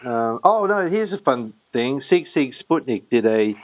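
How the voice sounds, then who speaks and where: A man's voice: medium pitch, big pitch swings, moderate pace. A man co-hosting a comedy podcast, rambling and hesitant in casual chat. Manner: rambling, hesitant, full of ums. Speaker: podcast co-host. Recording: tinny phone-like line with faint noise.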